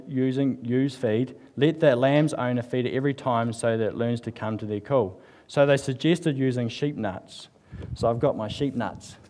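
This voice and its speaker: A New man preaches at a church service in a loose, conversational way, joking with the congregation and sprinkling his talk with fillers. His voice sits at an ordinary middle pitch. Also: darkish tone, slight background noise. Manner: chatty and joking, with frequent fillers. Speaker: church speaker. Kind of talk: casual humorous sermon.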